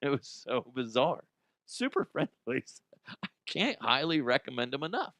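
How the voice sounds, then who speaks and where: A man hosting a comedy show, telling a story in a profane, animated way, laughing and jumping his voice high for effect. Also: normal speed, dry recording. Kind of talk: comic storytelling monologue. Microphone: studio microphone.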